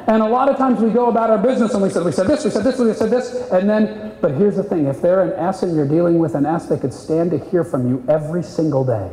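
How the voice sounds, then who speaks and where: A man coaching salespeople at a live seminar, animated and acting out client voices. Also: sits high, quick pace, few pauses, a faint crowd. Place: seminar room. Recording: echoey hall, voice from a distance.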